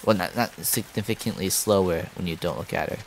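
A man playing a horror game, jumpy and swearing, reacting out loud to what happens on screen. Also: deep voice, brisk, creaky, slight background noise. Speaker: gaming streamer.

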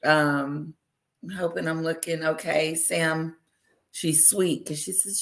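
A woman hosting a casual livestream, warmly greeting viewers by name, bubbly and chatty. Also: deep voice, fairly even intonation, slow pace, creaky. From Wisconsin. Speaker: livestream host. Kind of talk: casual live chat with viewers.

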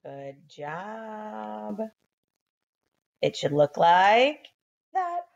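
A woman teaching young children phonics, sounding out letters slowly and praising them, a little sleepy and yawning. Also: medium pitch, sing-song, vocal fry, highs cut off.

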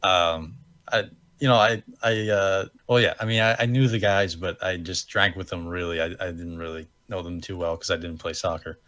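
A man's voice: deep voice, fairly even intonation, moderate pace, a bit bright, dry recording. A young American man co-hosting a podcast, telling a story in a rambling, self-correcting way and laughing at himself. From United States. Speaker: podcast co-host. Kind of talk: casual storytelling chat.

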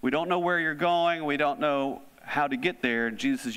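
A man's voice: on the high side, normal speed, few pauses, fairly bright tone, clean tone, long reverb tail. A man preaching a conversational sermon as a pastor, often asking the congregation questions. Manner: conversational, asks the audience questions. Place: church hall.

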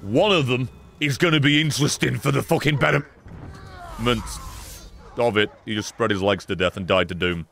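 Sarcastic man with a gravelly voice. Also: medium pitch, animated, normal speed, a bit bright. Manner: sarcastic, swears often, talks back to the game. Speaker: streamer. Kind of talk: live gameplay commentary.

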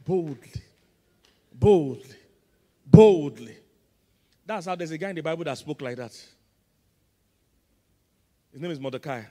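Emphatic Nigerian pastor preaching in a hall. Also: male voice, on the high side, fairly quick, long pauses. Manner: emphatic call-and-response preaching, swinging between loud and soft. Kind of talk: sermon. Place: large church auditorium.

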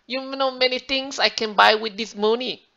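A man's voice: very high voice, fairly even intonation, normal speed, gravelly, sharp tone, highs cut off, a little hiss or hum, voice pushed up, full character voice. A man voicing a penny-pinching middle-aged mother who scolds in clipped, broken English. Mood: scolding.

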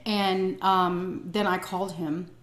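A woman's voice: fairly low pitch, flat delivery, takes it slowly, echoey room. A middle-aged woman vlogger telling a personal story in a casual, blunt and profane way. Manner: blunt and profane, vivid retelling. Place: indoors at home, eating on camera.

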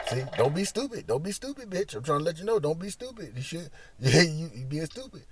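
A man's voice: a little high, brisk, a little hiss or hum. A man delivering a rambling, profane comedic monologue as host, acting out little scenes in other voices. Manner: profane, loud, animated, acts out voices.

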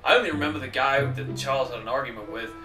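A man voicing a gruff male loan agent who mutters his lines. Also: mid-range voice, quick pace, reverberant, recorded from a distance, over music, voice pushed down, lightly acted.

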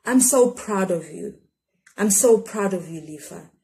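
A gentle storybook mother who speaks with calm, steady firmness, as a woman puts her on. Her voice stays close to an everyday woman's mid-range tone. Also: medium pitch, measured pace, vocal fry. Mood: tender.

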